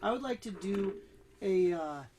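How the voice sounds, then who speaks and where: A man playing in a tabletop game, relaxed and hesitant with fillers. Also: high-pitched, measured pace. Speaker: player. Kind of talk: casual tabletop play.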